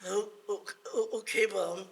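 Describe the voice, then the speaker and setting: A woman's voice: mid-range voice, fairly even intonation, measured pace, vocal fry, breathy edge. A woman voicing a simple-minded young man who stammers and hesitates as he speaks. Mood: dim agreeable.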